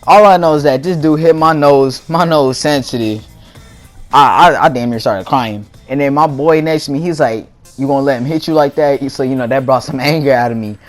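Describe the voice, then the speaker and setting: A man's voice: medium pitch, moderate pace, soft background music. A young man hosting a gaming channel, telling a story casually in slangy speech and laughing as he goes. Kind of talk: casual storytelling over gameplay.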